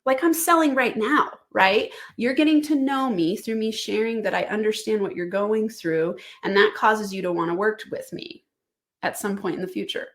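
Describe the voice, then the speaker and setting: A woman's voice: mid-range voice, brisk. A woman hosting a motivational business podcast, talking straight to the listener in an upbeat, direct coaching manner.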